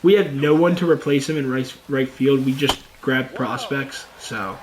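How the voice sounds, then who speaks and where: A young man giving casual let's-play commentary on a baseball video game, excitable and chatty, talking to his viewers as "boys". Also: mid-range voice, normal speed, few pauses, reverberant, a little hiss or hum. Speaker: gaming YouTuber.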